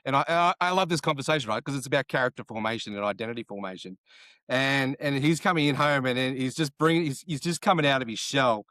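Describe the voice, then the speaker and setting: An Australian man in his forties co-hosts in a relaxed, chatty way, telling stories. His voice sits mid-range and sounds dry and close. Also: medium pitch, fast, dry recording. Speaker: podcast co-host. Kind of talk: casual interview chat.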